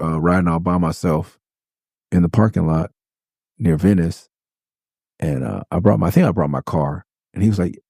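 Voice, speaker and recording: A middle-aged man from California hosting a podcast, telling stories in a profane, animated, heated way. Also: very deep voice, creaky, no room sound, studio quality. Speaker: podcast host. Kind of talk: casual storytelling monologue.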